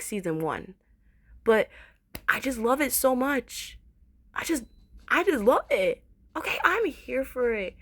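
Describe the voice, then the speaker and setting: A woman in her twenties reviewing a cartoon episode in a casual, excitable way, gushing and repeating herself as she talks. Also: mid-range voice.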